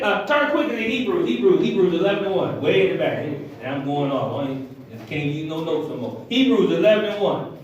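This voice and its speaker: A pastor delivers an animated sermon in a high voice, acting out voices as he preaches. He stands far from the mic, and the hall around him rings with heavy echo. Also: slight background noise. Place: church hall. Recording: echoey hall, heard from far.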